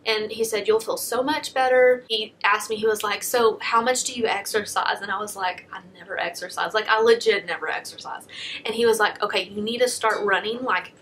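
A young woman YouTuber telling a personal story in a soft, confessional way, packing almost every phrase with "like". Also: mid-range voice, brisk, a little hiss or hum. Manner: heavy filler "like", soft confessional.

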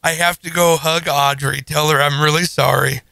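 Male podcast host in his thirties, bright voice pitched slightly high, animated storyteller; close, dry mic. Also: normal speed, gravelly, no echo. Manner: animated, self-deprecating, acts out his own panic. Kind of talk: casual storytelling.

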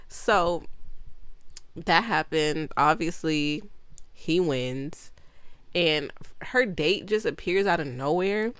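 A woman's voice: deep voice, expressive, slow, long pauses, a bit bright, clear, resonant tone, no room sound. A young woman recapping a movie in a casual, rambling way, full of "like" fillers, blunt swearing and frequent laughter. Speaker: movie reviewer.

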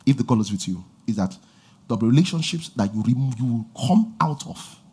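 A middle-aged man preaching a sermon in a church, with animated delivery and sudden loud exhortations. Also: mid-range voice, normal speed, breathy edge. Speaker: pastor. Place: church auditorium.

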